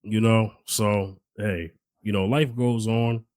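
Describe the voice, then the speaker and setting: Male podcast co-host: casual, halting delivery, dry sound. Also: on the low side, steady tone, a little mellow, no room sound, rough recording. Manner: conversational, many fillers and restarts. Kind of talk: casual chat.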